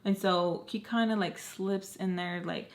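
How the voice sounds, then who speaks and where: A young adult woman vlogger chatting through a storytime, retelling events in an animated, casual way full of likes. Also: mid-range voice, a little slow.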